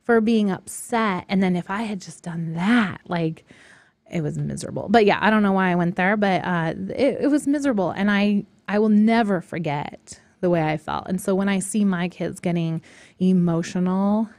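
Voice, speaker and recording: A woman in her thirties hosting a live talk show, telling a personal story in a casual, animated way and acting out what others said. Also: medium pitch, normal speed, dry recording.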